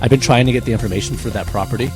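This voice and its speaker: A man's voice: medium pitch, racing, music in the background. A man co-hosting a casual podcast, telling stories with a lot of laughter and acting out the people he quotes. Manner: animated storyteller, acts out the people he quotes, laughs often. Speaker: podcast co-host. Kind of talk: casual chat.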